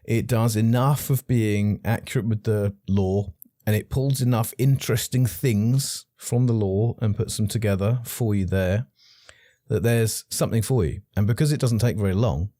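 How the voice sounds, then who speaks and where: A man chatting on a podcast over a call, measured and thoughtful. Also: fairly low pitch, mellow, dry recording, clean studio sound. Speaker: podcast guest. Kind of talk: casual chat.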